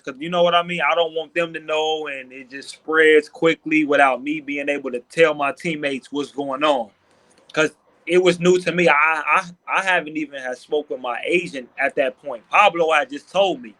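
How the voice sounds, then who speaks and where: A man in his thirties, a pro basketball player, recounts stories with lively animation in a relaxed interview. His voice sits a bit high for a man, and he keeps checking in with his listener. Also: normal speed, poor audio. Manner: animated, repeats "you know what I mean". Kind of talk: casual storytelling interview.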